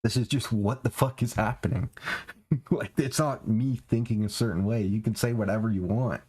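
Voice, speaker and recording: A man's voice: on the low side, steady tone, moderate pace, a little mellow, slightly rough. A young man from Canada, a streamer ranting in casual, profane chat while he plays, laughing often.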